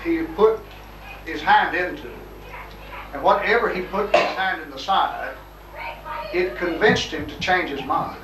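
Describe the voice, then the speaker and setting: A man presses his opponent with persistent, probing questions. His voice sits a little high. He is picked up from a distance in an echoey room, with clear noise behind him. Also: measured pace, long pauses. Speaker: Christian missionary. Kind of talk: debate questioning. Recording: roomy, distant mic, audible noise.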